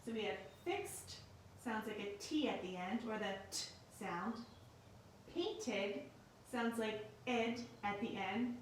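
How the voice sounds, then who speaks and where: A woman teacher giving a recorded lesson in a slow, clear and patient way. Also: mid-range voice, slight background noise. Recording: very echoey room, mic at a distance.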